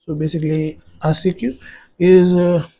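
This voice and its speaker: A man's voice: sits high, level tone, normal speed, creaky, dark tone. A man teaching a French grammar lesson for exam prep, explaining step by step as he writes on a board and spelling words out letter by letter. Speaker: French tutor.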